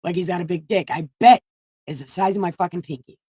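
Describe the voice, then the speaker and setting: A woman's voice: fairly low pitch, fast talker, mellow, breathy edge, no room sound, studio quality. A woman hosting a comedic Bible reading, paraphrasing with profane jokes. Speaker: host reading the Bible aloud.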